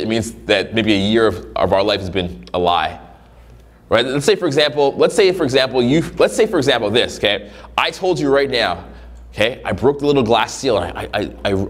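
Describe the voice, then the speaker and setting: Dude dating coach ranting casual, swears a lot, voice jumps all over, acts stuff out. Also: male voice, medium pitch, brisk. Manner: profane, animated, acts out scenarios in voices.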